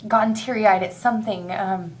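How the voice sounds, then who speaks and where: Chatty, excitable woman vlogger. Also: mid-range voice. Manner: chatty, candid, excitable, quick to tear up; rambling with many ums and restarts. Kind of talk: casual personal video diary.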